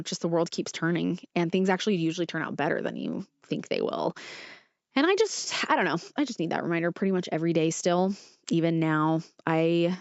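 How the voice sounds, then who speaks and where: A young woman hosts her own podcast in a fairly low voice, earnest and gushing, rambling through her thoughts with plenty of fillers. She sits close to the mic in a dry, slightly dull-sounding recording. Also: gravelly, no room sound. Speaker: podcast host. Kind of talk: casual solo podcast chat.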